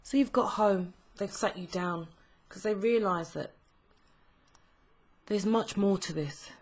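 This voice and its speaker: A woman giving a tarot reading, told as a slow, emotive second-person story with frequent pauses. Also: medium pitch, darkish tone. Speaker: tarot reader.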